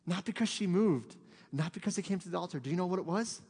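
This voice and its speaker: Animated male pastor in a reverberant hall. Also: high voice, fast, husky. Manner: animated storytelling, swings from loud to hushed. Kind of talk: sermon. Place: church sanctuary.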